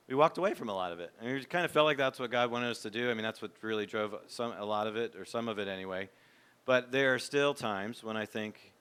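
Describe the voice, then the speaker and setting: A man's voice: on the low side, fairly bright tone, clear, resonant tone. A man in his fifties, a former pastor, giving a candid, reflective, conversational talk to a men's gathering.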